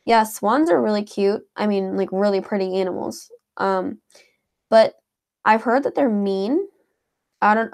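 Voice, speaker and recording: A woman's voice: medium pitch, darkish tone. A woman, chatting casually as a co-host and reading out viewer comments, her talk full of "like" and "um". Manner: chatty, heavy on filler words like "like" and "um". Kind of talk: casual live chat.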